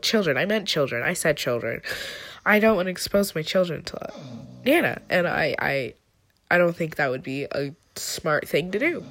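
A woman's voice: fairly low pitch, fairly bright tone. Tearful young woman venting, swearing. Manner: tearful, swearing, rambling and raw. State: crying, sniffling. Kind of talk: emotional personal vlog. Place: indoors at home, in bed.

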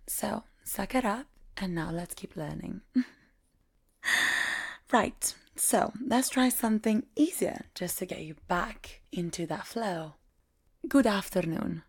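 A woman playing a strict, teasing Italian tutor in a whispered role-play, slow and domineering with soft laughs. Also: medium pitch, breathy edge.

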